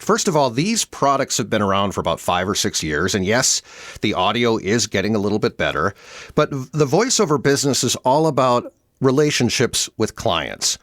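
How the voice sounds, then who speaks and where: A man's voice: on the low side, fairly bright tone, no room sound, studio quality. A man hosting a podcast, talking in an emphatic, exasperated casual chat. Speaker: podcast host.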